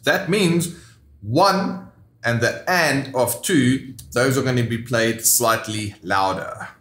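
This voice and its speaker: A man teaching guitar in a roomy, echoing space, his voice sitting at an ordinary middle pitch. He explains each step plainly and counts the beats out loud as he goes. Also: slow pace, very noisy. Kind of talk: instructional lesson.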